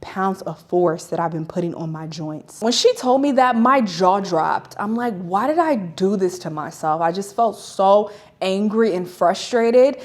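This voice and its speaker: Woman vlogging at home, candid and emotional, lots of "like", mid pitch, just talking to the camera. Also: darkish tone. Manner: candid, emotional, chatty with many "like"s. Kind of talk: casual confessional vlog. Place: at home in an apartment.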